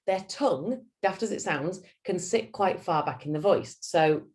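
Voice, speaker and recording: Woman, Yorkshire accent, low voice, public speaking coach, theatrical and animated training talk. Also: measured pace. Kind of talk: lunch-and-learn training talk.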